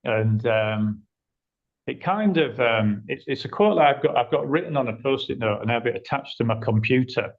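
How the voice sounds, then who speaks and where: Man telling a lively story. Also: mid-range voice, normal speed. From northern England. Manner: animated, acts out quoted dialogue. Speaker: interview guest, agency owner. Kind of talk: conversational storytelling. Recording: slightly muffled audio.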